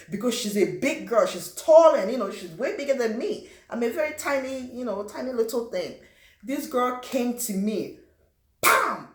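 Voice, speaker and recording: A young woman from Africa telling a personal story in a lively way, acting out what people said and adding sound effects. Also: on the high side, moderate pace. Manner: animated, acts out quotes and sound effects. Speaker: vlogger. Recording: roomy echo.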